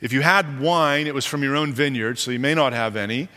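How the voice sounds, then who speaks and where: A man preaching a sermon as a pastor, animated, and acting out the people he quotes. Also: brisk. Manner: animated, acts out quoted leaders with rising pitch. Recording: long hall reverb.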